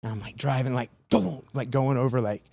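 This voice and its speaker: A man's voice: medium pitch, fairly even intonation, fast, a little mellow, no room sound. A man on a podcast, casually telling a long story full of "like" fillers. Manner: rambling, filler-heavy retelling with lots of "like". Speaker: podcast guest.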